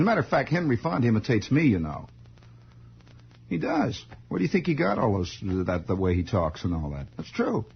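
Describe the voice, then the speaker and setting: A man hosting a late-night radio monologue, rambling, wry and sardonic. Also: mid-range voice. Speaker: radio host. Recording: dull 1960s radio broadcast.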